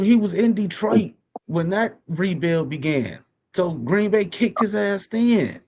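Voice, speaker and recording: A man's voice: high-pitched, a little mellow. A man co-hosting a sports podcast, ranting with profanity and repeating himself for emphasis. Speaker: podcast co-host. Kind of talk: heated sports talk.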